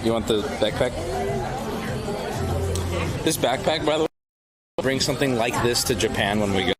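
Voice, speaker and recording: A man's voice: mid-range voice, moderate pace. A man chatting casually on a live stream, playful and earnest, often stopping and restarting his sentences. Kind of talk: casual IRL stream chat. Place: restaurant and city street. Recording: loud music and crowd behind.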